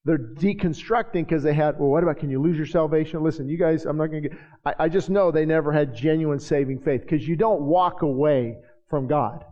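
A man preaching a sermon in a church, joking with the congregation and building to shouted passages. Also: fairly high pitch, a little fast. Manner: jokey asides to the congregation. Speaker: pastor. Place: church sanctuary. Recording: hall reverb, dull lo-fi sound.

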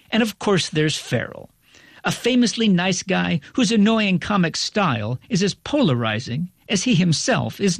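Man reading his review, kinda high voice, bouncy delivery, dry close mic. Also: no echo. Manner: wry, articulate, measured. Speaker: critic. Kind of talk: scripted review narration.

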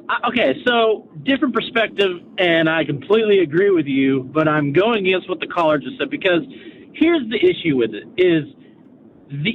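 A man phones in to a sports talk show and earnestly builds his case step by step. His voice sits high. It comes through a thin, tinny phone line with a faint hiss behind it. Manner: earnest, building an argument point by point. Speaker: caller. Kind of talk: phone-in call to a radio show.

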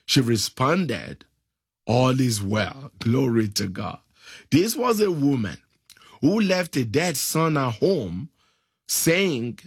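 A man preaching a sermon, slow and emphatic, stretching out key phrases. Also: mid-range voice, slightly rough, dry recording, clean studio sound.

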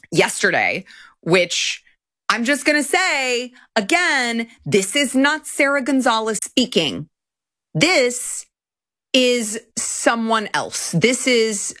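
A woman's voice: on the high side, very animated, takes it slowly, pushed and bright, no echo, clean studio sound. A woman hosting a commentary show, emphatic and repetitive, with laughing asides. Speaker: show host.

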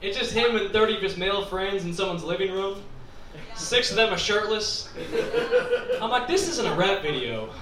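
A man doing a stand-up comedy set, excitable and bursting into loud punchlines, recorded live with an audience. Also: high-pitched, normal speed. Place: comedy club stage. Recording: roomy live club sound with a loud crowd, from a distance. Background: audience laughter.

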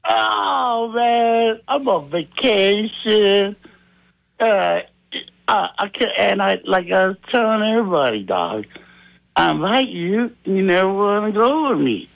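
A man calling into a radio show, talking slowly with a gravelly edge and a lot of swing in his pitch. He drawls his way through a joke, dry and close. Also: big pitch swings, fairly bright tone, dry recording, poor audio. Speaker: caller. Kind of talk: telling a joke on call-in radio.

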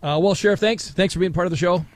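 A man's voice: high-pitched, quick pace. A middle-aged man hosting a live radio talk show at a fair, telling stories and acting out other people's voices. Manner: animated storyteller, acts out voices. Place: outdoor fair broadcast booth.

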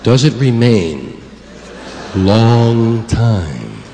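A man's voice: very animated, very slow. A man doing a stand-up routine in a rambling, digressive way, his voice swooping up and down. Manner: rambling, digressive delivery with sudden jumps in pitch. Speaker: stand-up comedian. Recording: reverberant hall with loud ambient noise.

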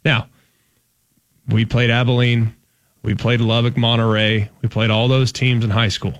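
A man's voice: medium pitch, level tone, measured pace, no echo, lo-fi sound. Male co-host, emphatic and folksy, dry close sound. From Dallas-Fort Worth, Texas. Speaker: sports radio co-host. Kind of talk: casual sports talk.

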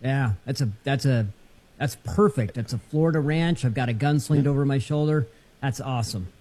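A man chatting easily on a casual talk show, relaxed and good-humored. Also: mid-range voice, normal speed. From United States.

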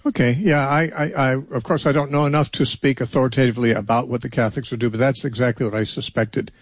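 A man's voice: medium pitch, fairly even intonation, fast, no room sound. A man hosting a call-in radio show, talking directly and steering callers firmly.

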